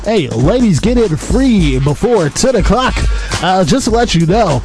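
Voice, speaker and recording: A man's voice: high-pitched, very animated, a little slow, darkish tone, soft background music. A man doing a comedic traffic report from a nightclub, rambling and easily sidetracked.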